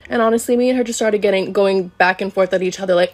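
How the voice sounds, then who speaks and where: A young woman who works in retail, telling stories in a sassy, animated way, acting out the people she quotes and cursing freely. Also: medium pitch, fast, few pauses. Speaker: retail worker. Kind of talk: casual storytime monologue.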